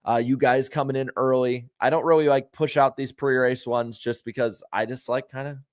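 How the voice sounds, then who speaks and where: A man hosting a racing talk show, giving frank opinions in casual, conversational pre-race chat and talking warmly to his viewers. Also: medium pitch, fairly even intonation, normal speed, no room sound, clean studio sound. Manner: friendly to viewers.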